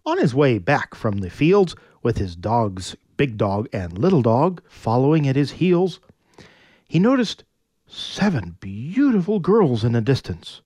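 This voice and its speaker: A man narrating a myth in a playful, very animated storytelling manner. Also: medium pitch, a little slow, few pauses, slightly rough, no echo.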